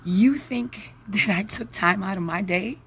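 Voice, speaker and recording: A woman's voice: medium pitch, measured pace, a bit bright, slight background noise. A woman in her forties venting to her camera, angry, tired and swearing freely. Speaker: vlogger.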